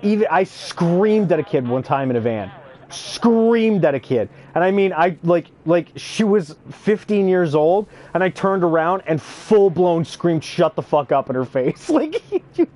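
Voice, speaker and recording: Brief: high-voiced young guy, profane, animated storyteller, casual gaming chat. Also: unhurried. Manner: animated, profane, acts out quotes. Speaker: youth care worker.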